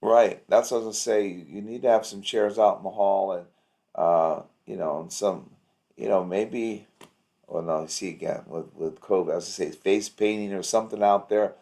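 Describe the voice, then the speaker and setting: A man's voice: deep voice, normal speed, warm tone. A man coaching a practice owner over a video call, rambling through anecdotes with an upbeat, encouraging manner. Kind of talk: casual coaching chat.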